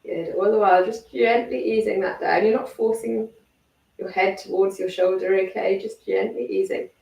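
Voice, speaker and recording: A woman leading a guided neck and shoulder stretching class in a calm, encouraging way, with a croaky voice. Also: medium pitch, moderate pace. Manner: calm, encouraging step-by-step cueing. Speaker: fitness instructor. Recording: echoey room, mic at a distance.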